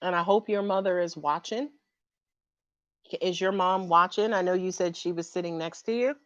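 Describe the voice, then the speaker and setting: A woman's voice: on the low side, moderate pace, dry recording, dull audio. Emotional woman giving a livestream tarot reading. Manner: emotional, repeatedly asks for confirmation. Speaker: tarot reader.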